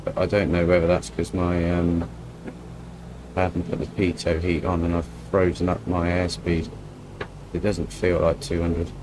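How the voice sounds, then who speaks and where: A man's voice: low voice, monotone, moderate pace, noisy background. A man streaming a flight simulator, chatting casually and joking with a friend as he lands and taxis. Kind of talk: casual gameplay chat.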